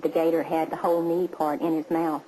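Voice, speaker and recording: A woman with a Texan accent retelling a rescue in a documentary interview, in a plain, even way. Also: deep voice, a little fast, a crowd in the background, rough recording. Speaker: rescuer, boy's aunt. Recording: music underneath.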